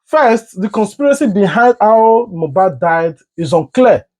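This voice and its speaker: Nigerian male host, high pitch, animated opinion piece, plays out both sides. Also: a little slow, rough recording. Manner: animated, acts out arguments with rising voice. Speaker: commentary show host. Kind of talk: opinionated commentary.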